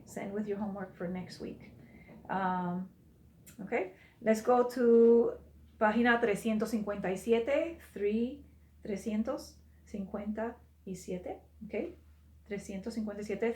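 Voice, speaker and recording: A woman's voice: mid-range voice, darkish tone, roomy sound. A woman teaching a recorded language class, patient, repeating and translating each phrase for her students. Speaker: Spanish teacher.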